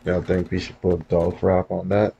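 A man's voice: deep voice, completely flat delivery, moderate pace, creaky, dark tone, muffled recording, slight background noise. A man giving laid-back, slangy commentary in a gaming vlog, talking straight to his viewers. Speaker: roleplay gamer showing off his cars.

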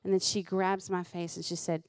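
A middle-aged woman, a comedian host telling lively, funny stories about her kids and laughing at them. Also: lowish voice, moderate pace. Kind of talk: comedic storytelling.

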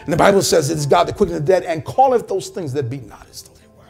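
A man's voice: on the high side, very fast, creaky, darkish tone, slightly rough, faint music behind. A male pastor preaching a sermon with passion, repeating phrases and calling out to the congregation. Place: church service in a hotel venue.

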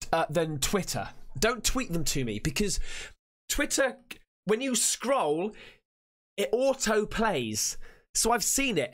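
A man hosting a reaction video, jumpy and swearing freely, shouting when something startles him. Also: high-pitched. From England. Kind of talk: excitable reaction commentary.

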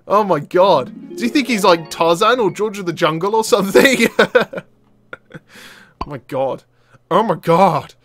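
A young man giving excitable let's-play commentary, often shouting and laughing as he plays. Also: sits high, a little slow, long pauses, faint music behind. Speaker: gaming video creator.

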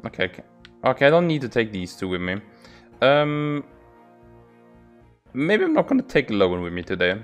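A man's voice: medium pitch, wildly swooping pitch, soft background music. A man hosting a let's play, musing aloud in casual commentary as he picks his units. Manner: musing aloud, unhurried, trailing off.

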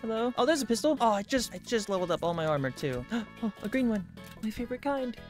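A man giving let's-play commentary, excitable, gasping and talking to himself as he plays. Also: sits high, quick pace, faint music behind. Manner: excitable, gasps and talks to himself. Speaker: gaming YouTuber.

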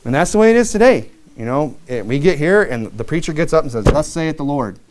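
A man from Michigan preaching a sermon, animated, with many asides and acted-out quotes. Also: on the high side, fairly quick. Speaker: pastor.

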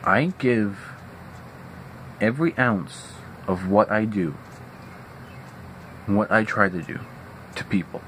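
A man's voice: on the low side, slow pace, long pauses, a little hiss or hum, low-quality recording. A young man venting angrily in a profane vlog rant, recorded at home. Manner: angry, profane, animated. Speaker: vlogger. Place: at home indoors.

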